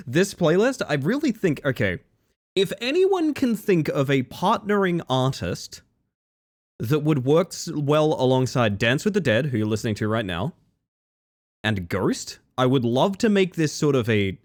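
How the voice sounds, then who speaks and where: A man from Western Australia chatting casually on a livestream at his desk mic, rambling and laughing often. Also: medium pitch. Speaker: streamer.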